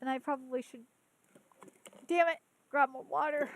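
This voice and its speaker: A woman's voice: high voice, steady tone, normal speed, poor audio. A woman in her thirties hosting a podcast, ranting casually and profanely with exasperation and chatting to her cat, a bit tipsy. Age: 30s. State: tipsy from drinking. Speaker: podcast host.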